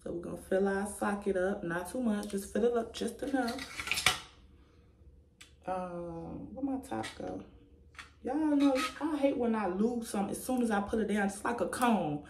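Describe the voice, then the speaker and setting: A woman's voice: medium pitch, moderate pace, gravelly. Chatty woman vlogger in an echoey room. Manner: chatty, addresses viewers as y'all, laughs often. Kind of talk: casual makeup tutorial. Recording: echoey room, faint noise.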